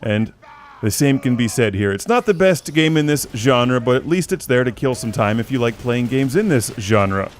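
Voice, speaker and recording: A man reads out a video game review as a scripted voice-over. His pitch sits in the middle of the range, and he delivers a steady verdict with dry, wry humor. A faint noise hums behind his voice. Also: moderate pace. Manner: wry, with dry joking asides.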